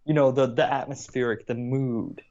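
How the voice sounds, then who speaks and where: A man's voice: mid-range voice, normal speed, muffled recording. A young man co-hosting a casual podcast chat, rambling and swearing as he tells his opinions. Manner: rambling, profane, animated storytelling. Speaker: podcast co-host.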